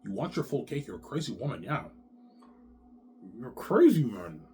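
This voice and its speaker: A man rambles through a solo monologue, circling back over the same phrases and peppering them with swearing. His voice sits at a middling pitch, with faint noise in the background. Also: big pitch swings, normal speed, mellow. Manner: rambling, repetitive, profane, slangy. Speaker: vlogger.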